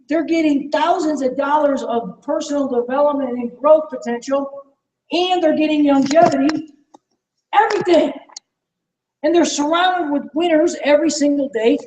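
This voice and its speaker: A man's voice: extremely high pitch, darkish tone. A man leading a live sales training talk, enthusiastic and persuasive, asking the room questions. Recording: echoey room from far off, faint noise.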